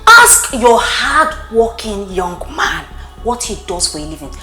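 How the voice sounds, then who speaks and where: A woman's voice: mid-range voice, sing-song, a little slow, reverberant, loud music behind the voice. A young woman with a Nigerian accent playing a fed-up wife who confronts her idle husband and his mother. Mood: exasperated. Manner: sharp, confrontational.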